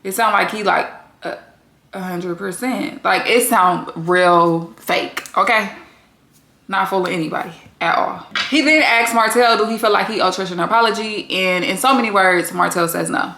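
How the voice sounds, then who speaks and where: A woman's voice: mid-range voice, moderate pace, gravelly, bright, forceful tone, reverberant. A woman giving a blunt, sassy, casual recap commentary and swearing freely. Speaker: recap vlogger.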